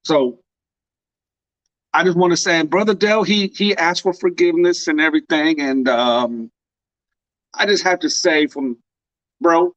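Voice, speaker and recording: A man with a slightly high voice, telling a story with playful mock tears. His voice sounds dry and a little dull, like lo-fi call audio. He talks in relaxed podcast chat. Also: moderate pace, dry recording. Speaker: podcast co-host. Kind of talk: casual chat.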